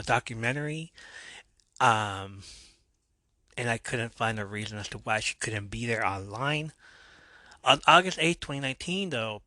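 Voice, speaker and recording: A man hosting a podcast, recapping a TV episode in a casual way with joking asides and quick self-corrections. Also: mid-range voice, pushed and bright, dry recording. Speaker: podcast host.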